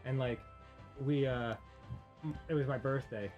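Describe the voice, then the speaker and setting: A man's voice: medium pitch, steady tone, measured pace, darkish tone, lo-fi sound, faint music behind. A man co-hosting a casual chat, telling a story in a rambling way full of fillers, restarts and laughter. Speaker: podcast co-host.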